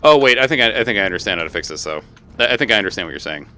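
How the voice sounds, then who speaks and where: A man streaming a game, chatting casually with friends while he plays, swearing freely and easily excited. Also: on the low side. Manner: profane, excitable, quick to swear and laugh. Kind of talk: casual gaming stream chat.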